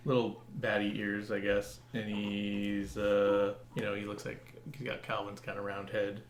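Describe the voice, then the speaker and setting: A man's voice: fairly low pitch, completely flat delivery, unhurried. A man co-hosting a comedy podcast, chatting casually with lots of hesitant fillers. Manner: meandering, hesitant, with frequent fillers. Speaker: podcast co-host. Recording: roomy echo.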